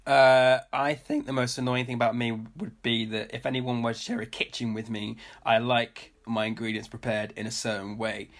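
A man's voice: medium pitch, flat delivery, normal speed, hardly any pauses. A man chatting as a guest on a radio show, laughing between phrases. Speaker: guest athlete. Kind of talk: casual chat.

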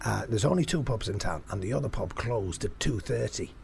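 Laughing, animated male comedy podcaster. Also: on the low side, a little fast, gravelly, slight background noise. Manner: laughs often, swears, animated storytelling. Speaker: podcast co-host. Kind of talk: casual chat.

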